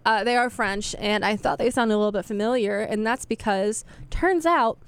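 A woman's voice: on the high side, normal speed, clear, resonant tone. A young woman hosting a radio show, chatting casually between songs in a rambling, self-deprecating way, full of fillers and restarts. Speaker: radio host.

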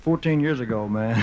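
On a concert stage in front of a live audience, a Southern singer in his thirties from Memphis jokes between songs. His mid-range, slightly mellow voice carries rambling, self-mocking stories full of fillers and restarts. The recording is dull, with a faint hiss or hum.

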